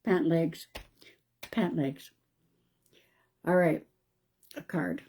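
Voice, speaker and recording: A woman, a psychic medium, doing a live-stream card reading in a calm, reassuring way and thinking aloud. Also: sits low, extremely slow, slight background noise. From Canada.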